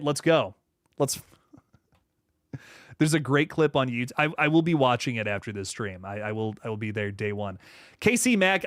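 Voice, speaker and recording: Young male streamer, mid-range voice, dry close mic, easygoing, laughs a lot. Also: no room sound. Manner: laid-back, laughs often, trails off into low asides. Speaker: horror channel host reading live chat. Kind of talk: casual livestream chat.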